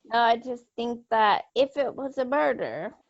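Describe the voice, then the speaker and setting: A woman's voice: on the high side, lively intonation, unhurried, no room sound, dull audio. A woman co-hosting a podcast in casual chat, playful and laughing easily. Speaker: podcast co-host.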